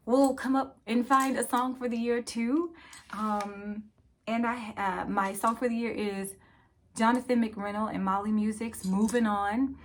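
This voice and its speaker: Woman, Baltimore accent, young adult, earnest, emotional, unhurried. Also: a little high. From West Baltimore. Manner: earnest, emotional, trying not to cry. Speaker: vlogger. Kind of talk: heartfelt personal vlog.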